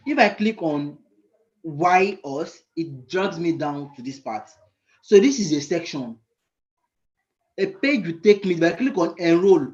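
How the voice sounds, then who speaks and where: A man mentoring frontend coders in a live screen-share lesson, thinking aloud and often pausing to search for the right word. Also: a little high, a little mellow, dull audio.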